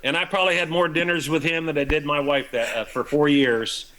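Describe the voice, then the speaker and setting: Older man, former ballplayer, animated storyteller, bright forceful voice, acts out quotes. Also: a little high, brisk, poor audio. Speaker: guest, former baseball player. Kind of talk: storytelling in a broadcast interview.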